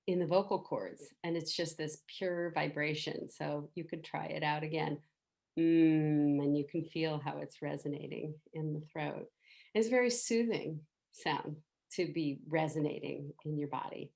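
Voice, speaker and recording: Slow, low-voiced woman teaching meditation. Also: vocal fry. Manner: soft, unhurried, guides listeners to voice sounds along with her. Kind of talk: gentle spoken meditation teaching.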